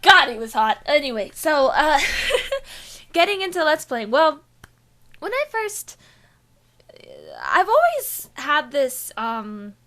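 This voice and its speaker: A woman co-hosting a gaming podcast in casual chat, giggly and animated, often slipping into silly voices. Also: high voice, takes it slowly. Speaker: podcast co-host.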